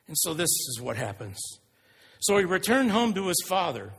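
A man preaching a sermon, retelling stories in an earnest, animated way. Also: sits high, normal speed, creaky, slightly rough. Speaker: pastor. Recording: long reverb of a large hall.

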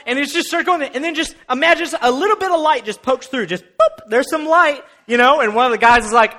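A young man preaching a sermon, retelling a story in an animated, playful way and acting out the characters. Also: very high voice, quick pace, few pauses. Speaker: pastor.

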